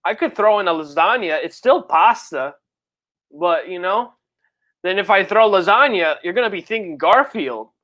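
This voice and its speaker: A streamer chatting casually on a live birthday stream, reading viewer messages and rambling in slang, with sudden high, excited outbursts. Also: normal speed. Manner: rambling, slangy, full of fillers. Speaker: livestreamer and comic creator.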